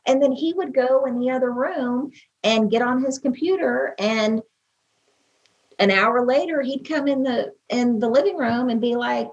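A woman's voice: sits high, a little slow, breathy edge, dull audio. A woman in an interview, earnestly and emotionally recalling events from her own life. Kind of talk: personal recollection in an interview.

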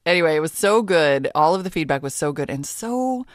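A woman co-hosting a casual podcast, animated and upbeat, laughing easily. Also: low voice, fairly quick, dry recording, clean studio sound. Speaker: podcast co-host.

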